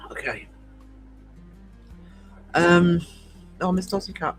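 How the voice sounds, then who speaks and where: Chatty high-voiced man hosting a live stream. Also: steady tone, slow, long pauses, soft background music, low-quality recording. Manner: chatty, greets viewers by name, coughs now and then. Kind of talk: casual live stream chat.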